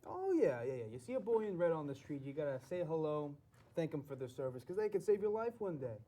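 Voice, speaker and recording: A man's voice: a little high, animated, quick pace, warm tone, lightly acted. A man playing a nervous, simple-minded forty-one-year-old mechanic with a New Jersey accent who rambles and repeats himself. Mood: rambling. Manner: rambling, fidgety, repetitive. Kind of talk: comedy sketch acting.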